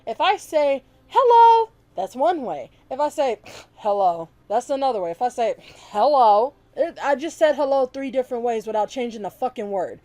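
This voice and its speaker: A woman's voice: high voice, expressive, fairly quick, hardly any pauses, mellow. A woman vlogger giving heated, profane opinion commentary, bluntly calling out people she disagrees with and mockingly imitating them. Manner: blunt, heated and profane, with sarcastic mimicking of others.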